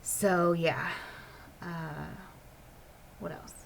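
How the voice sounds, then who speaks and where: Woman vlogging, kinda low voice, rambly, says like a lot. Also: fairly even intonation, very slow, creaky, a little hiss or hum, low-quality recording. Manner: rambling, heavy use of "like". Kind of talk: casual personal chat to camera.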